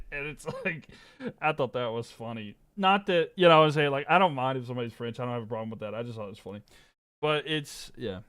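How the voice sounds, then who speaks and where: This Southern-accented man's voice is mid-range yet swings widely in pitch, fairly quick, a bit bright, clear and resonant, with no room sound. Streaming sports content live, he rambles easily through viewer comments, using fillers and laughing often.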